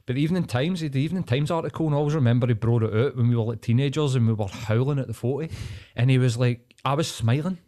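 A man's voice: medium pitch, very fast, dark tone. A man hosting a podcast, talking bluntly and swearing a lot as he rants in casual chat. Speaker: podcast host.

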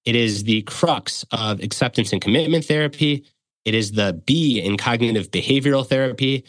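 A man of middle pitch talks as a guest expert and explains in a coaching tone, reaching for practical examples. He is close to the mic in a dry, dead room. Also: normal speed, a bit bright, no echo. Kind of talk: conversational explanation.

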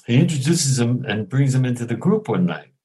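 An older man from Brooklyn, speaking, spins a show-business anecdote for an interviewer. His voice sits at an ordinary middle pitch. He talks in an animated way, acting out the dialogue and chuckling as he goes. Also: a little fast, slightly rough, low-quality recording. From Brooklyn, New York. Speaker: actor, interview guest.

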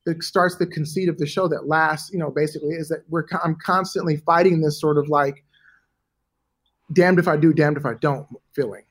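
A middle-aged man is telling a story as an interview guest, his voice a touch higher than most men's. He is animated and swears casually, and he acts out other people's lines as he goes. The delivery is relaxed and conversational. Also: a little fast.

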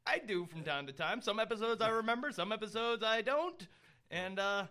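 Male podcast co-host, high and animated, slight lisp, rambling self-deprecating banter. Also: moderate pace. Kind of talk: casual chat.

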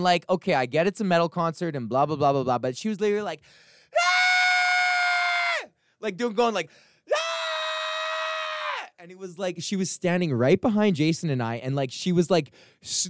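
A young man from Canada rants through a story, loose and profane, piling on fillers and asides. His voice is smooth and resonant at a middling pitch, recorded close and dry with no room sound. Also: dry recording. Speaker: podcast host. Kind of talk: casual ranting monologue.

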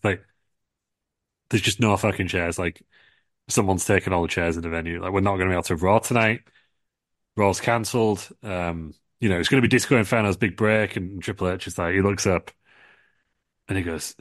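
A man's voice: deep voice, brisk, pauses often, dry recording. Rambling man telling a silly story. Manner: rambling, restarts, swearing. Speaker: podcast co-host. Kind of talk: comedic storytelling.

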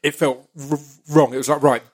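A man hosting a casual chat, animated, with stammered restarts. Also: on the high side, a little fast. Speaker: podcast host, actor.

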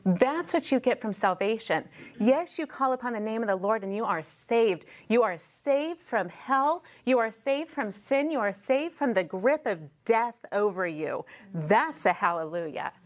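Animated woman teaching a women's Bible study. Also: on the high side, a little slow. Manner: animated, acts out dialogue in quoted voices; emphatic, repeats key phrases. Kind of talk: live teaching to a women's group. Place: room in a church building. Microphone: wearing a personal mic.

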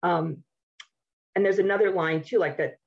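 A woman's voice: fairly low pitch, steady tone, normal speed, lo-fi sound. A woman guest in a podcast interview, telling her personal story candidly and animatedly, restarting her sentences often.

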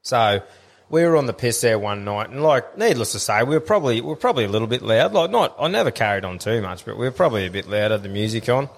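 Crude bloke telling a yarn. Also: male voice, medium pitch, expressive, quick pace, vocal fry, big-room sound. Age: young adult. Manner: crude, storytelling, swears often, laughs a lot. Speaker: podcast co-host. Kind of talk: casual podcast banter.

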